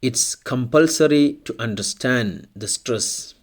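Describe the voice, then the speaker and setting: In a scripted lesson on pronunciation, a man teaching language speaks at a calm, measured pace with a mid-range pitch. He says every example word twice to help it sink in.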